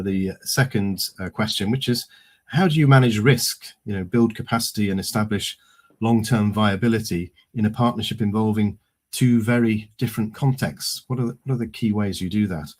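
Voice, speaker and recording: Moderator, male, lowish voice, halting and filler-heavy, video call. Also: darkish tone. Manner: hesitant, lots of fillers. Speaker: webinar moderator. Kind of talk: moderating a webinar.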